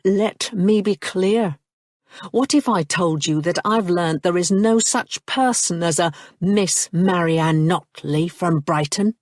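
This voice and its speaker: A woman's voice: on the low side, slow, a little mellow, dry recording, studio quality. A woman voicing a curt, suspicious young nobleman with a clipped, growling manner. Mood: angry.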